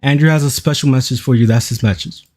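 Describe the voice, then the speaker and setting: A man streaming a reaction to a video, excitable and profane as he hypes up the clip he is playing. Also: mid-range voice, fast. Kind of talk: live-stream reaction commentary.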